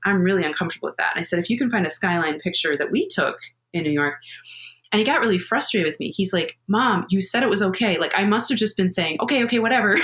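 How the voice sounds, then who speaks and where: Middle-aged woman telling candid stories. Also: fairly low pitch. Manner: warm, candid storytelling with frequent laughs. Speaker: podcast guest. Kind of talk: casual conversational interview.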